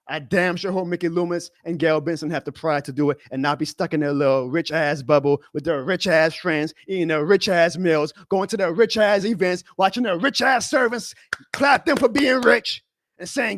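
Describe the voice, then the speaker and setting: Male stream host, high voice, heated profane rant, dead-dry sound. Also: normal speed, dry recording. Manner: profane, heated ranting, swings to shouting. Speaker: fan show host.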